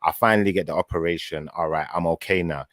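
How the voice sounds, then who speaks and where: Man, low deep voice, animated storyteller in casual chat, dry close sound. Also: fast talker, dry recording. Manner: animated storyteller, acts out his own quoted words.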